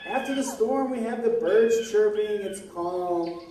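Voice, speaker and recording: A woman teaching children at a church ministry, directing a Bible story skit and prompting lines for them to repeat, in an animated, coaxing way. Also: mid-range voice, measured pace, noisy background. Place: large echoey church hall with children. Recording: echoey hall, distant mic, children chattering.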